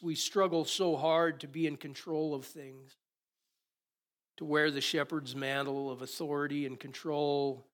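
A man preaching a sermon, his voice sitting a little high for a man. He talks in a loose, joking way and swings between loud, emphatic lines and quiet asides, speaking into a microphone. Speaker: pastor.

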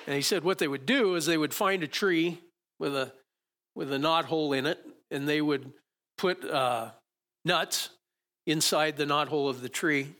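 On a church stage before his congregation, a male pastor delivers a sermon with a live demonstration, talking conversationally and often restarting sentences as he coaches volunteers. His voice is a little high and fairly bright, and he speaks at a moderate pace.

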